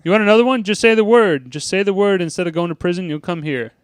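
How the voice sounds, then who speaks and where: A man reading out the lines of a gruff, threatening middle-aged male school principal in a taunting, bullying manner. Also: sits high, quick pace, no room sound, lightly acted.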